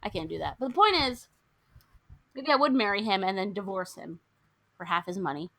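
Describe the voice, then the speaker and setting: A woman's voice: medium pitch, animated, a little fast, bright, forceful tone. A young woman co-hosting a podcast, casually retelling a film's plot and acting out the characters' lines. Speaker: podcast co-host. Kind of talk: casual chat recapping a film.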